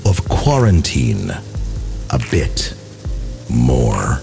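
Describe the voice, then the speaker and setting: A man voicing the Whiskey God, a solemn male whisky deity, reading slow tasting notes in a mock Irish accent with a deep gravelly drawl. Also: wildly swooping pitch, exaggerated voice. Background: music.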